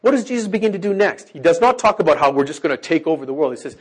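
Brief: male preacher, husky, fairly high-pitched, lively delivery that keeps checking in with the congregation. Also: very fast, few pauses. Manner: animated, keeps checking in with listeners. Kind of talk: sermon.

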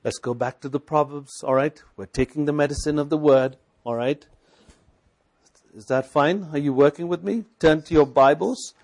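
A man's voice: a little high, moderate pace, darkish tone. A male preacher delivers a sermon, voice sitting a little above the usual male range. He drives his points home through repetition and constant questions to the room, mixing in recited scripture. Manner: exhorting, repetitive, rhetorical questions.

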